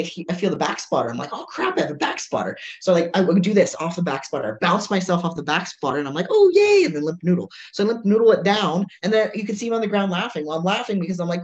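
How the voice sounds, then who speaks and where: Woman on a podcast telling a story all animated, does everyone's lines, roomy echo, kinda dull lo-fi audio. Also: fairly low pitch. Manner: animated storyteller acting out dialogue. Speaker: strongwoman competitor. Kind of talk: casual chat.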